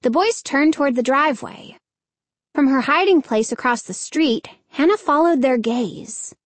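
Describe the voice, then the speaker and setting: Slow-reading woman audiobook narrator. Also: high-pitched, expressive, dry recording. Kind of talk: scripted narration.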